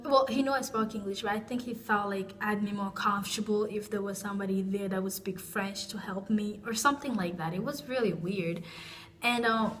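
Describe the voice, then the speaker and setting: A woman's voice: mid-range voice, slight background noise. A young woman vlogger telling a personal story in a casual, rambling way, with frequent restarts and asides.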